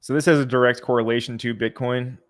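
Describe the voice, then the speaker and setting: A man hosts a casual livestream and talks over viewer comments at an easy pace, with fillers and small sighs. His pitch stays low-key and flat and barely moves. He sounds close to his microphone. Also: fast talker. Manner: relaxed, chatty, reads out viewer comments. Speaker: livestream host.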